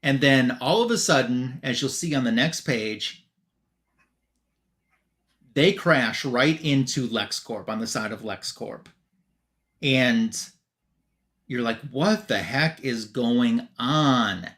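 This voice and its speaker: A male podcast host casually recapping a comic book story, sprinkling in filler words and quick quoted asides. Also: mid-range voice, fairly bright tone.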